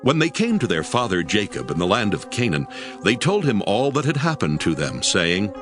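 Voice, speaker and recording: A man with a low voice narrates scripture, his delivery rising and falling expressively. Music plays clearly behind him throughout. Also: moderate pace. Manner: steady storytelling. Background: backing music.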